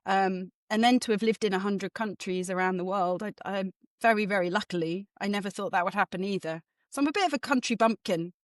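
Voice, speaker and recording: A woman from Norfolk, England, with a mixed English and mid-Atlantic accent, chatting about her work as a guest in a self-deprecating, animated way. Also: mid-range voice, a little fast, hardly any pauses, no echo, studio quality. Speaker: guest author and development economist. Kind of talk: casual interview chat.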